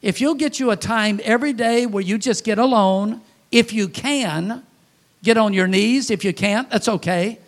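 A man from Louisiana, preaching a sermon in a folksy storytelling manner, piling up rhetorical questions and swinging between loud and hushed delivery. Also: high-pitched, moderate pace. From Louisiana, USA.

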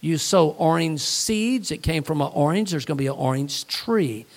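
A man preaching a sermon as pastor, animated, mixing scripture reading with jokes and acted-out voices. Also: on the high side, normal speed.

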